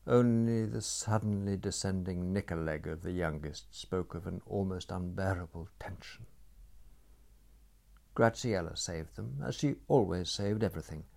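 A man narrating a story in a dry, measured storytelling manner. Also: deep voice, creaky, darkish tone.

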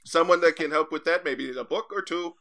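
A man's voice: fairly high pitch, fairly quick, pushed and bright. An actor playing a pompous male professor who claims to be an expert on experts, talking in a put-on accent in improv comedy. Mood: haughty. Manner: snippy, defensive, blames his accent.

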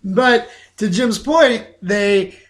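A man's voice: high voice, extremely slow. A man co-hosting a podcast, talking casually about an old comedy film, stumbling and restarting his sentences as he goes. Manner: animated, repeats words, many restarts. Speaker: podcast co-host.

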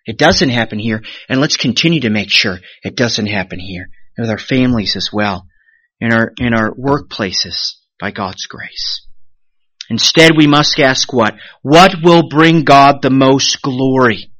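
A man preaching a sermon as pastor, animated, rising sharply then dropping to a hush, and briefly acting out the voices of the people he quotes. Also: mid-range voice, measured pace, no room sound, dull audio. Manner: animated preaching with sudden rises and hushed drops; acts out quoted voices of the congregation.

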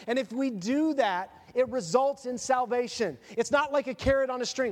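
High-voiced pastor preaching in a reverberant hall. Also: male voice, expressive, a little fast, hardly any pauses, a little mellow. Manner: earnest, confessional preaching. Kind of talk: sermon.

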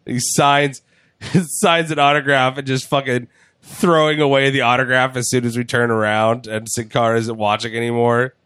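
A man hosts a podcast of casual wrestling chat, joking, swearing, and often acting out other people's lines. His medium-pitched voice is steady, clear, resonant, and a bit bright at normal speed, with no room sound.

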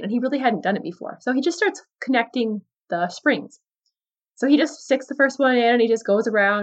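A woman hosting a casual Christian podcast, talking earnestly to her listeners and reading a story aloud with lively emphasis. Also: medium pitch, highs cut off. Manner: earnest, conversational, often says "like" and "guys". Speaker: podcast host.

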